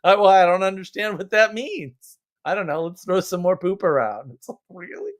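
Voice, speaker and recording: A man hosting a casual livestream, talking in an animated, exasperated, rambling way with frequent laughs. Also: high-pitched, normal speed. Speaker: livestream host.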